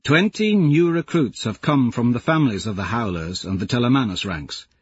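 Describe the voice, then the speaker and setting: A man narrating an audiobook in the first person, in a measured storytelling manner. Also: mid-range voice, expressive, slightly rough, no echo, dull audio.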